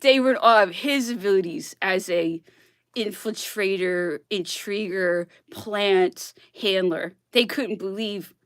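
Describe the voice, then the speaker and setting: A woman's voice: mid-range voice, slow pace, no echo. Worked-up woman ranting, dry sound. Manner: worked-up, repeats "okay?", laughs between points. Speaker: blogger. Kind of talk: casual rant to camera.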